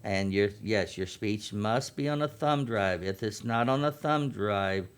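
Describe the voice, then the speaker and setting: A man's voice: on the low side, measured pace, clean tone. A man, a guest on a radio show, earnestly explaining contest rules and repeating key points. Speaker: veterans post youth program chairman.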